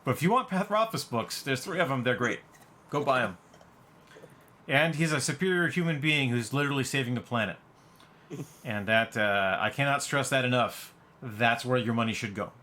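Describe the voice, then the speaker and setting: A man hosting a casual game stream, excitable and gushing, who swears freely. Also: mid-range voice, moderate pace. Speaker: host and board game player. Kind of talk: casual chat while playing an online game.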